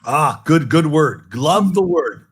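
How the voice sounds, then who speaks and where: A man co-hosting a political talk show, giving deliberate commentary built from long lists of points. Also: fairly high pitch, lively intonation, breathy edge. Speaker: podcast co-host.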